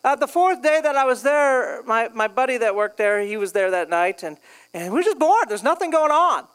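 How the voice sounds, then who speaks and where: A man's voice: very high-pitched, moderate pace, smooth. A male pastor preaching a sermon, telling funny stories from his past and joking with the congregation. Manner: storytelling, joking, animated.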